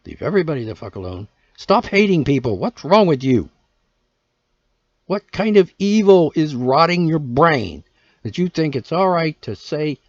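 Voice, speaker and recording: A man's voice: fairly high pitch, sing-song, moderate pace, darkish tone, no echo. A man hosting his own podcast, ranting in a profane, exasperated way. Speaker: podcast host. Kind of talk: casual solo rant. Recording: dull lo-fi dry recording.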